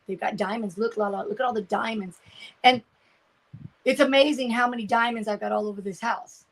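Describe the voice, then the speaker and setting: A woman's voice: mid-range voice, low-quality recording. An older woman, hosting a casual craft livestream, chatting and reading viewer comments as she works. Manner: chatty, reads viewer comments aloud, trails off searching for words.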